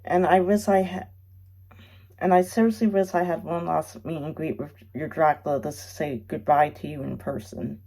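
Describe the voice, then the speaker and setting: A woman's voice: low voice, steady tone, creaky, mellow. A young woman giving an emotional farewell message, close to tears, sighing and restarting her sentences often. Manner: halting, tearful, many restarts and sighs. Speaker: fan vlogger.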